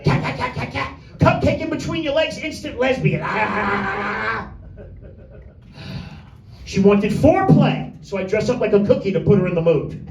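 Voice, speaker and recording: Male stand-up with a high voice. Crude, rambling crowd-work in a roomy, distant recording. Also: lively intonation, normal speed, creaky. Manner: brash, vulgar, rambling with crowd asides. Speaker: stand-up comedian. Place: small comedy room with few people. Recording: echoey room, mic from a distance.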